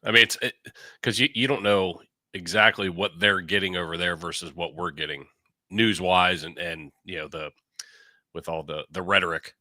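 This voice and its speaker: A man co-hosting a casual talk show, agreeable and quick to laugh, with halting, restarting sentences. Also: low voice, fairly even intonation, pushed and bright, no echo, clean studio sound. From United States. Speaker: podcast co-host. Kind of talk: casual chat.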